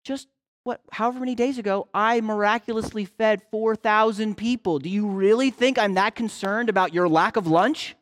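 A gently exasperated male teacher asking casual, pointed questions, as a preacher puts him on during a sermon. His voice drops softer and quieter than usual. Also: high voice, moderate pace, dry recording, clean studio sound, lightly acted.

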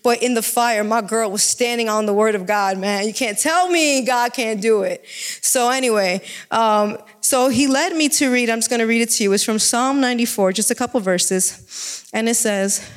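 A woman giving an informal sermon with a personal testimony, talking in an excitable, emphatic, chatty way. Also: fairly high pitch, moderate pace. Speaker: devotional speaker.

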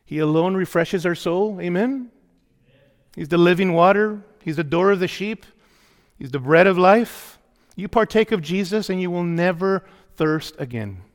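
A man's voice: high-pitched, animated, normal speed. A man preaching a sermon as pastor, emphatic and repetitive, putting questions to the congregation. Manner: emphatic preaching, repeating key phrases, asking the congregation questions. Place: church. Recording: long hall reverb.

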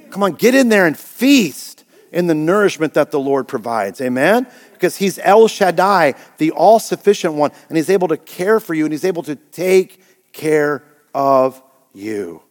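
A male pastor preaching a sermon with energy and folksy asides, his voice climbing toward near shouts. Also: on the high side. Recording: long church hall reverb.

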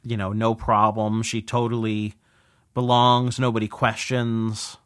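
A man co-hosting a podcast in casual, halting chat, repeating words as he goes. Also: fairly low pitch, little pitch movement, fairly bright tone, dry recording, studio quality. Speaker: podcast co-host.

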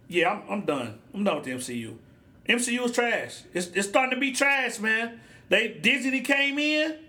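A man with a high, bright voice rants through a solo podcast episode, blunt and animated. His talk is slangy and loose, with the feel of a casual chat into a podcast mic. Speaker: podcast host. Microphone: podcast microphone.

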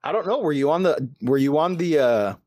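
A man's voice: a little high, expressive, a little fast, a little mellow, dry recording. A man hosting a podcast in casual chat, telling stories loosely with lots of swearing and filler words. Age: adult father. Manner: loose and profane, full of fillers. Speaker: podcast host.

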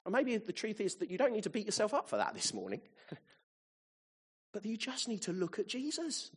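Guy preaching, husky voice, pitch swings all over, gets really fired up. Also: normal speed. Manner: animated, rising to excited peaks. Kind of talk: sermon.

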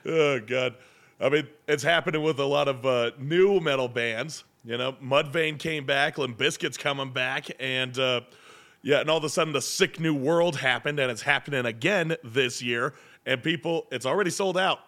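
In this podcast's casual chat, the male co-host talks at a moderate pace with a medium-pitched, fairly bright voice, wandering off on tangents and using lots of fillers.

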